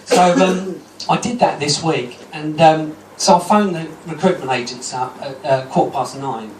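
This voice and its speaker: A man's voice: a little high, normal speed. A man doing a stand-up routine in a small comedy club, rambling and self-deprecating with plenty of ums. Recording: roomy, distant, noisy club recording.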